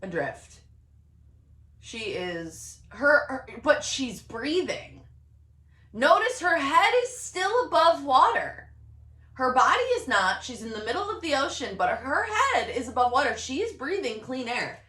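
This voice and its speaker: A woman giving a casual, excitable tarot reading to camera from her home office, often laughing. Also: high-pitched, a little slow, far from the mic. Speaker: tarot reader. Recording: roomy echo, voice a bit off-mic.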